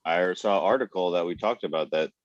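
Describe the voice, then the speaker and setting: A man's voice: low voice, fast talker, no echo, highs cut off. A man telling blunt, profane stories with frequent laughs in a casual podcast chat. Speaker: podcast guest.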